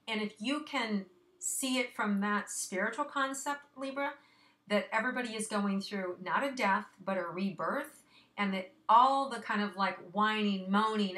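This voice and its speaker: A woman's voice: medium pitch, bright, forceful tone. A woman giving a casual monthly astrology forecast, chatty and reassuring, with many fillers and a slightly breathless voice. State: a little out of breath.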